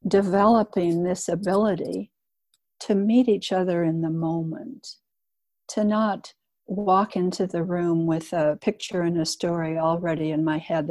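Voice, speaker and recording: With a lowish, mellow voice and no echo in the recording, this older hospice worker reflects on her work. She talks openly and earnestly, as though telling a story.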